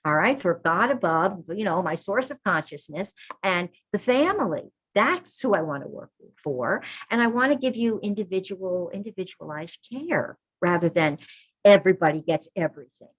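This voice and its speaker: A middle-aged woman with a low, slightly husky voice talks about her work as a birth keeper. She speaks earnestly and informally and often pauses for a reassuring "all right" or "okay". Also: expressive, low-quality recording. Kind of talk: informal talk to an audience.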